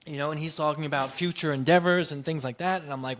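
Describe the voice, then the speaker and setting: A man casually telling a personal story, full of restarts and "you know" fillers, and acting out other people's lines with sudden jumps in pitch. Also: quick pace, few pauses. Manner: animated, acts out quoted voices with big pitch jumps.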